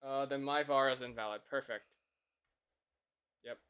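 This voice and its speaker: A man's voice: mid-range voice, steady tone, moderate pace, a bit bright, clear, resonant tone. A man chatting casually on a live stream while he codes, thinking aloud, laughing easily and poking fun at himself.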